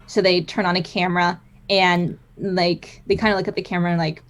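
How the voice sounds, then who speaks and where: A woman's voice: medium pitch, steady tone, normal speed. A woman playing her character in a tabletop game, often stumbling and restarting her sentences. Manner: hesitant, stammering restarts.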